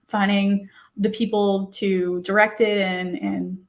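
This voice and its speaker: A woman's voice: mid-range voice, slow. Chatty young woman hosting a podcast. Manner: chatty, excitable, laughs often. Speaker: podcast host. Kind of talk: casual chat.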